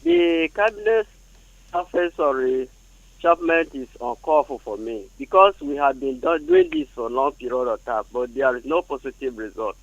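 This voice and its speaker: A man with a Nigerian accent phoning in, speaking formally and haltingly as he searches for words. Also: a little high, creaky, no room sound. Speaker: phone-in caller. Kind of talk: call-in opinion. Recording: dull dry phone line.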